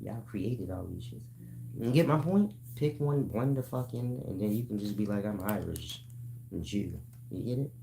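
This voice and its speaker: A man's voice: mid-range voice, lively intonation, normal speed, creaky, dark tone, slight background noise. A man hosting his own channel, talking in a casual, profane monologue and checking in with listeners as he explains. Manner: profane, keeps asking "you get my point?"; addresses listeners as "y'all". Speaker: channel host.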